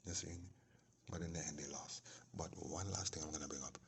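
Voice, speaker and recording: A man's voice: a bass voice, steady tone, fairly quick, creaky, slight background noise. A man telling a long rambling story, often dropping into whispered asides. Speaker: vlogger. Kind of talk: casual storytelling monologue.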